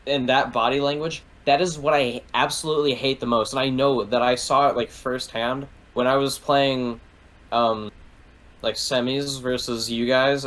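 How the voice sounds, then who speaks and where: A man's voice: mid-range voice, a bit bright, poor audio. Rambling, swearing man in casual talk. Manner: rambling, heavy use of "like", swears freely.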